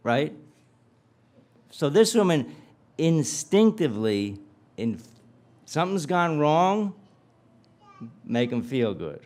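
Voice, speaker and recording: A man's voice: fairly high pitch, big pitch swings, slow, pauses often, a little mellow. A man giving a humorous guest lecture, telling stories animatedly and acting out dialogue with comic asides.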